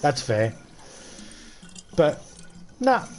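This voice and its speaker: A man's voice: a little high, sing-song, drawn-out words, a little mellow, slight background noise. A middle-aged Australian man streaming a game, ranting bluntly and swearing in casual chat. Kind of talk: casual rant while streaming.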